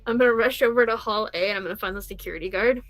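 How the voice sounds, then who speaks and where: A young woman playing a tabletop game, animated and swearing, laughing often. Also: medium pitch, racing, a crowd in the background, poor audio. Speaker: player. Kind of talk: tabletop role-play.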